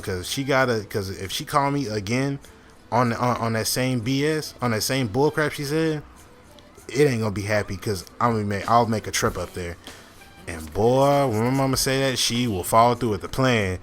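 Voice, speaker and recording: A man's voice: medium pitch, normal speed, slight background noise. A young man casually telling a long story over gameplay, rambling with lots of fillers, restarts and swearing. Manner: rambling, many fillers and restarts, frequent profanity. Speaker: gaming channel host.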